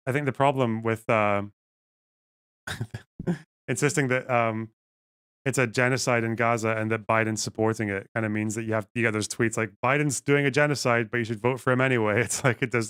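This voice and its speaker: A man hosts a live stream in a smooth, resonant voice heard close and dry. He reads chat messages aloud and drops wry, deadpan asides. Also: lowish voice, normal speed, no echo. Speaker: streamer, host.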